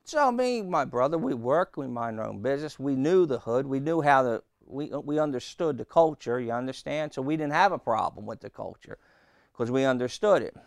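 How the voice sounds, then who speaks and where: A man's voice: medium pitch, lively intonation, moderate pace, gravelly, no room sound, studio quality. A man preaching a sermon, telling anecdotes with rhetorical questions and acted-out quotes.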